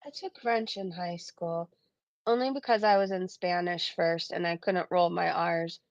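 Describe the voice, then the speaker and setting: A woman's voice: fairly low pitch, fairly even intonation, measured pace, dry recording, muffled recording. A woman co-hosting a livestream, chatting casually and rambling through stories with frequent laughs. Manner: rambling storytelling, laughs often. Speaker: livestream co-host.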